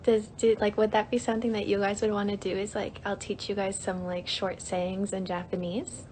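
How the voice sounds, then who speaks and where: A woman's voice: mid-range voice, level tone, moderate pace, a little mellow, a little hiss or hum. Giggly young woman chatting on a livestream. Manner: giggly, chatty, lots of fillers; reads comments aloud. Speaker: livestream host. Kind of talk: casual livestream chat.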